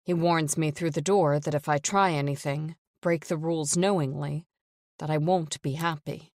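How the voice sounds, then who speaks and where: A woman narrating a first-person thriller audiobook in a tense, measured way, close to the mic. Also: low voice, steady tone, a little mellow, no echo.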